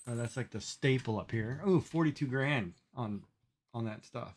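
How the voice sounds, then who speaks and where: A man's voice: medium pitch, normal speed. A man chatting casually with viewers while playing a game on a livestream, musing aloud about food. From Canada. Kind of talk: casual chat while gaming.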